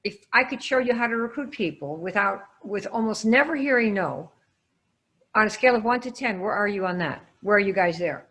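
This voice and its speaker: Lively woman coaching a live class. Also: medium pitch, fairly quick. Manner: energetic, calls on listeners by name; lively, quizzing the audience. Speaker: sales trainer. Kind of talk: live online coaching session.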